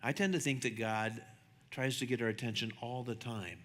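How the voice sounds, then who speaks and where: A man preaching a sermon as a pastor, chatty and animated, acting out the voices in his stories. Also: moderate pace. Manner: conversational, animated, acts out dialogue with shifting pitch. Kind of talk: sermon with storytelling. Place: church sanctuary. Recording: long hall reverb.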